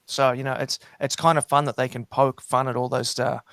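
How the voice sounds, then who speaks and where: Kiwi guy on a podcast, steady flat delivery, lots of ums and uhs, clean voice. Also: medium pitch, a little fast, no room sound. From New Zealand. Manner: hesitant, many fillers and restarts. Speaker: podcast guest. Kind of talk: casual chat.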